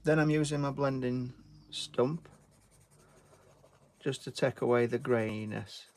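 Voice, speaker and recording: A British artist live-streams a drawing tutorial, chatting casually and reading out viewer names to thank them, calling people "mate." His mid-range voice is unhurried with a darkish tone.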